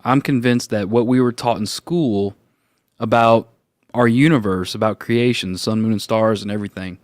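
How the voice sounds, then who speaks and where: A man on a roundtable show telling a personal story in a casual, animated way, acting out the voices of the people he quotes and laughing now and then. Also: fairly low pitch, moderate pace, dry recording, clean studio sound. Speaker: roundtable co-host.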